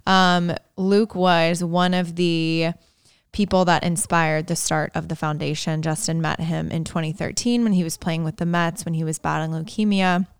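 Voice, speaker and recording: A woman in her thirties co-hosting a podcast, telling stories in a chatty, animated way. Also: on the low side, moderate pace, clean tone, no echo, studio quality. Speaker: podcast co-host. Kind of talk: casual chat.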